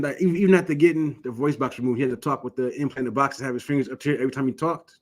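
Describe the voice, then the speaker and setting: Talking rapid-fire with few pauses, a Michigan man with a medium-pitched, darkish voice leads an informal scripture lesson on religious law. He is earnest and exhortative, appealing straight to listeners and frequently starting his phrases over.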